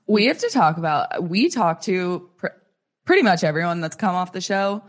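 A young woman with a somewhat low-pitched voice who hosts an interview. She asks questions in a playful, teasing way and keeps the conversation light. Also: expressive, normal speed. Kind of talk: casual interview chat.

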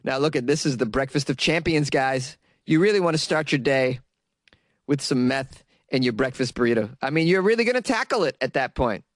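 A man's voice: mid-range voice, expressive, fairly quick, no echo. A young man hosting a comedy show, stoned and giggly, riffing sarcastically on odd news stories. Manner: laid-back, giggly, sarcastic.

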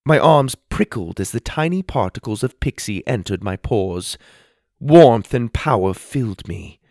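A man narrating a children's fantasy story in the first person, expressive storybook narration. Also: mid-range voice, a little slow, no room sound, clean studio sound. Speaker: audiobook narrator.

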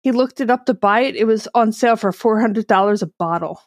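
A woman's voice: on the high side, fairly quick, no room sound, studio quality. A woman guest on a podcast telling stories in casual chat, with a wry edge. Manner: chatty storyteller, wry.

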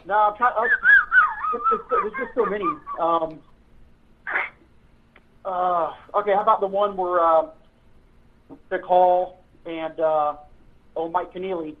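A man calls in over a tinny phone line and tells old police stories in a rambling, halting way. His voice sits fairly high. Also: huge pitch swings, a little hiss or hum. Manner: rambling storyteller, halting, many fillers. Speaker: guest, retired police officer. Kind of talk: casual chat.

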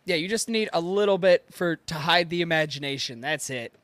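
A man co-hosts a casual chat and jokes loosely, swearing as he goes. His voice sits a bit high. The recording is dry and close. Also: fairly quick, a bit bright, no room sound. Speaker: podcast co-host.

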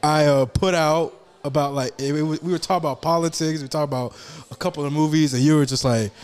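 A man's voice: on the high side, fast, smooth. A young man co-hosting a podcast, telling stories with lots of laughter and joking. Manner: laughing, joking, animated storytelling. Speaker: podcast co-host. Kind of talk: casual chat.

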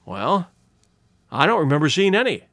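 A man voicing a plain, steady male companion who gives short, hesitant replies in an audiobook reading. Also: a little high, normal speed, no room sound, studio quality. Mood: puzzled.

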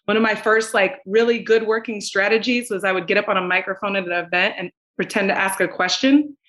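A woman guest on a podcast, telling her story in an expressive way and talking straight to the listeners. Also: mid-range voice, a little fast, rough recording. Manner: expressive, acts out quoted voices, addresses listeners directly. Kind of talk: animated storytelling.

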